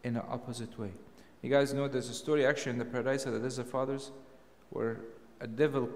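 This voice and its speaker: A man's voice: medium pitch, fairly even intonation, fast, hardly any pauses. Emphatic man preaching in a hall. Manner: emphatic, rhetorical questions, rising to loud peaks. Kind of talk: sermon.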